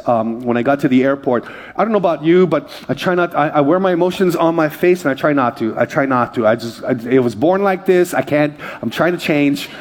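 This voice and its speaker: A man's voice: mid-range voice, slight background noise. A male pastor preaching a conversational sermon, mixing humor and personal stories and calling out to the congregation. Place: church service.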